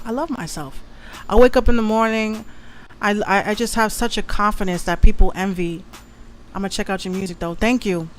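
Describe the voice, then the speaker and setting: A woman's voice: medium pitch, fairly bright tone, a little hiss or hum. A young woman from the Bronx with a Bronx accent, hosting a casual livestream, brash and boastful, repeating herself often. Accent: New York, Bronx. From the Bronx, New York. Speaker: livestream show host, rapper and producer.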